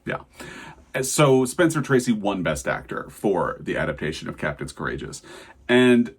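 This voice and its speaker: Guy with a lowish voice doing a chatty book review, lots of detail and blunt opinions. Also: sing-song, unhurried, husky. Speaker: book channel co-host. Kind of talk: casual book review chat.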